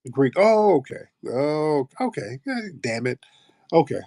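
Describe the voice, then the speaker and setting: A man's voice: a little high, sing-song, unhurried, warm tone, no echo, clean studio sound. A man hosting an online audio show, chatting loosely and playfully with plenty of swearing. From United States. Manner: loose, profane, playful banter. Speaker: host. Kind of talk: casual chat.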